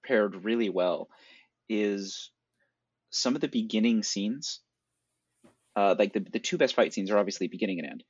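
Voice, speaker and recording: A man's voice: lowish voice, normal speed, pauses often, husky, dry recording. A man co-hosting a casual film podcast, explaining things in detail and at length. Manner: knowledgeable, explains at length about swords. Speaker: podcast co-host. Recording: dry, dull lo-fi sound.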